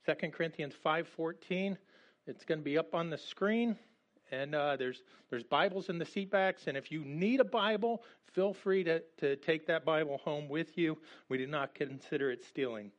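Halting, conversational male pastor preaching. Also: a little high. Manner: conversational, halting with many restarts, animated when quoting. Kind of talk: sermon.

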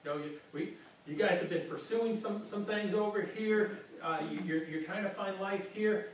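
A man's voice: high-pitched, normal speed, slight background noise. A male pastor giving a conversational sermon, often repeating words as he speaks. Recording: echoey room from far off.

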